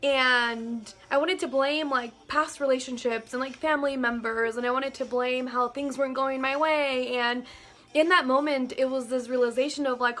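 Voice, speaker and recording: A woman talking earnestly and gently in a casual, heartfelt monologue to camera, often saying "like" and "you know". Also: sits high, fairly even intonation, moderate pace. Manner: earnest and gentle, with many likes and you-knows. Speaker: vlogger sharing personal reflections.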